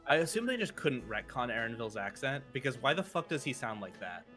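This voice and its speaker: A man's voice: medium pitch, big pitch swings, fast talker, fairly bright tone, faint music behind. A man chatting casually on a game stream, joking and swearing and laughing a lot.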